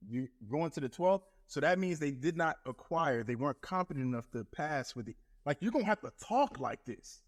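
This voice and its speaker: A man's voice: a little high, expressive, fairly quick, hardly any pauses. A man who is a guest on a casual podcast, giving blunt, matter-of-fact advice with some swearing.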